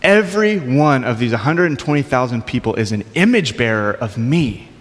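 A man's voice: medium pitch, expressive, normal speed, hardly any pauses, in a large hall. A man preaching a sermon in a conversational way, with casual asides. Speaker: pastor.

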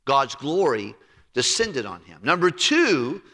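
A man preaching a sermon as pastor, emphatic, letting his voice sink low and quiet on key words. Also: big pitch swings, takes it slowly. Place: church sanctuary. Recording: reverberant church hall.

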